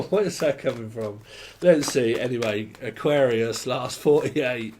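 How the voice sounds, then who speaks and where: A man's voice: medium pitch, a little slow, darkish tone, a little hiss or hum. A man giving a casual, rambling tarot reading, often swearing and laughing. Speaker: tarot reader.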